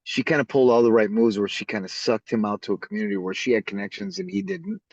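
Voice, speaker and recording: A man who is a podcast guest, telling stories in a casual, animated way and acting out the people in them. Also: on the low side, fast talker, dry recording. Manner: animated storyteller who acts out the voices in his stories. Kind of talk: casual storytelling interview. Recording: slightly dull lo-fi audio.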